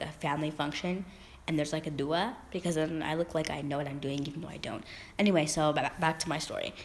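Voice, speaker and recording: A woman's voice: sits low, a little hiss or hum. A young woman vlogger rambling through a casual story, with lots of fillers and restarts.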